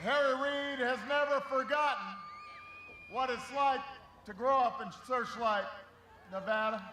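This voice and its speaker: A man's voice: very high-pitched, unhurried, roomy sound, background noise. A man giving a rousing campaign speech at a rally, raising his voice over the crowd. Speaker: political speaker at a rally. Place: large rally venue.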